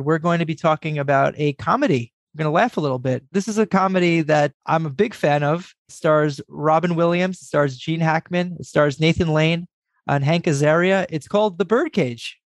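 A man's voice: a little high, normal speed, dry recording. A man co-hosting a podcast, chatting casually and joking with enthusiasm. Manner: lively, jokey, enthusiastic. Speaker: podcast co-host.

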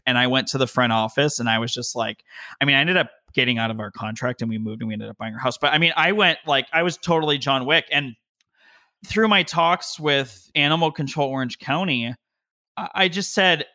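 A man telling a long personal story from his home office, in an animated, heated way with quick bursts of speech. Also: mid-range voice. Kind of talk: conversational storytelling.

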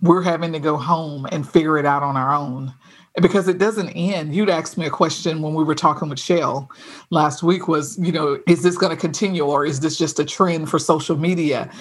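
A woman with a husky, breathy voice talks as a podcast guest. She tells her story earnestly and conversationally, often restarting her sentences midway. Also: low-pitched, moderate pace.

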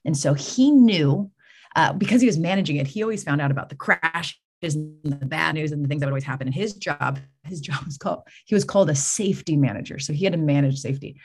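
A Californian woman with a low, breathy-husky voice speaks fast as a podcast guest. An animated storyteller, she acts out the voices of the people in her tales before turning to a message of faith.

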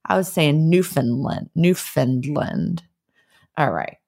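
A woman's voice: lowish voice, very animated, moderate pace. A woman co-hosting a podcast, chatting casually, laughing often and reading listener letters aloud. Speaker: podcast co-host. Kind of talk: casual chat. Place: lives in a beach resort town.

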